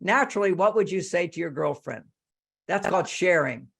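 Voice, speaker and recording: An older man giving relationship advice on a video call, lively and animated, acting out quoted lines in a higher voice. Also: moderate pace, vocal fry, husky. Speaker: relationship author giving a talk.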